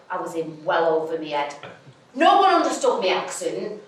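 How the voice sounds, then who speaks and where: On a theatre stage, a young stand-up storyteller from Manchester, England, tells a blunt, sweary, self-deprecating comic story in her Mancunian accent. Her voice is lowish and sing-song at a moderate pace, captured from a distance in an echoey room.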